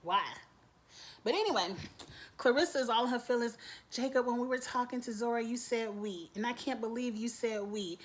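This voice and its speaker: A woman gives a casual, opinionated recap of a TV drama. Her voice sits a bit high, and she talks in a sassy, animated way, mimicking the characters as she goes. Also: moderate pace. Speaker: TV recap reviewer.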